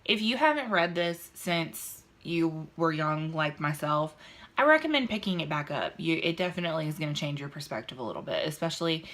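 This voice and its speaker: Young woman book vlogger, low-ish bright voice, casual chatty delivery. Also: lively intonation, a little fast. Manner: chatty, with fillers and a Southern "y'all"; emotional and emphatic at times. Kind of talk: casual book review chat.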